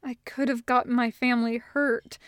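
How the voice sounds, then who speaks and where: A woman voicing a shaken young man who speaks in a breathy, hushed voice. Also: fairly high pitch, flat delivery, normal speed, no echo, studio quality, close to an everyday voice. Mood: hushed guilt.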